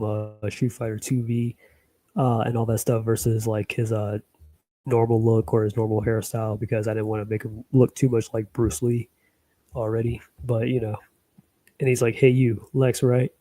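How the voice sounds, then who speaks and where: Low mellow guy talking flat and loose about his animation, lots of um and like, dry close sound. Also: moderate pace, no echo, low-quality recording. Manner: loose, filler-heavy, chuckling asides. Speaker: hobby animator. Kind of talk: casual rambling commentary.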